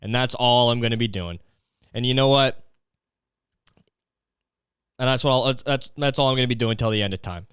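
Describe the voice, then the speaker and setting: A man's voice: mid-range voice, normal speed, long pauses, a bit bright, clean tone, no echo, clean studio sound. A young man hosting a comedy podcast, ranting sarcastically with plenty of swearing. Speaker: podcast host. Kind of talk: solo comedic rant.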